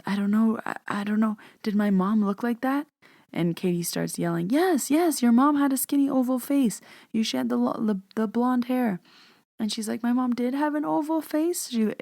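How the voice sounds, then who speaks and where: A woman's voice: on the low side, vocal fry, a little mellow, dry recording, studio quality. A young woman casually telling a personal story in a chatty way, full of "like" fillers. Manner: chatty retelling, many "like" fillers. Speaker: podcast host and medium.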